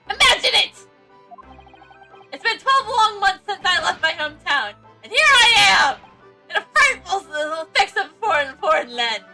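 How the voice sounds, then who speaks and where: Woman voicing a paranoid, shouting young scholar. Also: extremely high pitch, very animated, moderate pace, recorded from a distance, faint music behind, voice pushed up, exaggerated voice. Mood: exclaiming. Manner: theatrical, loud outbursts. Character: paranoid, excitable young Japanese male scholar abroad.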